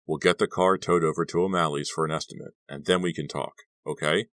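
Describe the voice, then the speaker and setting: Male reader as a gruff drawling cop father, middle-aged; storybook; very deep voice. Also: fairly even intonation, a little fast, fairly bright tone, dry recording. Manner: drawling, businesslike.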